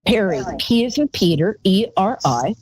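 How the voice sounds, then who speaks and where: A woman's voice: medium pitch, big pitch swings, moderate pace, a little mellow, poor audio. A woman hosting a live call-in psychic show, chatty and rambling, calling her callers darling.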